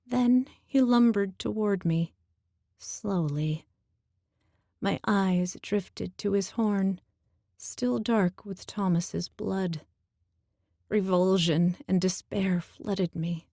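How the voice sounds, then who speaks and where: A woman narrating a first-person fantasy audiobook in a slow, emotional storytelling manner on a close studio mic. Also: medium pitch, creaky, dark tone, no echo.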